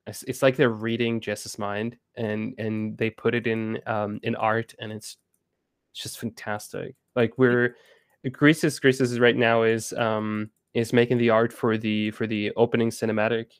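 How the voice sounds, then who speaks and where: A man with a gravelly, mid-range voice chats as an interview guest. He halts, repeats words and restarts his sentences, laughing now and then. The recording is close and dry. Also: medium pitch, no room sound. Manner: halting, many restarts and fillers, laughs often. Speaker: game co-founder guest. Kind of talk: casual interview chat.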